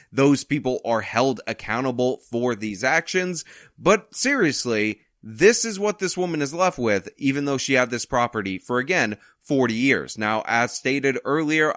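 A male channel host who reacts to the news with exasperation and sarcasm. His voice is bright and forceful. It is recorded dry, with no room sound, in his apartment. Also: medium pitch, dry recording. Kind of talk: commentary on a news story.

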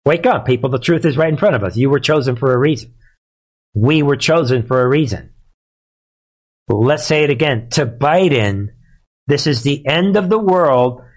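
A man of middling pitch hosts a live commentary stream in a sarcastic, emphatic rant. He leans on words for effect and talks straight to his listeners. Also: lively intonation, moderate pace. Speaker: host of a live commentary show.

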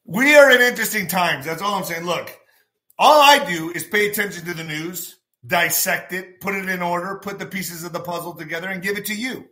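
A man reading news stories aloud and ranting about them in an excitable, sarcastic way, laughing at his own jokes. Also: sits high, a little fast. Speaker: political commentary vlogger.

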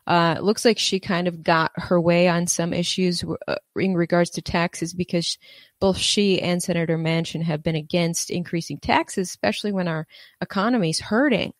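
Woman commentator, lowish voice, sarcastic, dry close mic, lots of ums. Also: fairly even intonation, normal speed, no echo. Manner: sarcastic, reads quotes aloud, frequent fillers. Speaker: political commentator. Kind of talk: casual political commentary.

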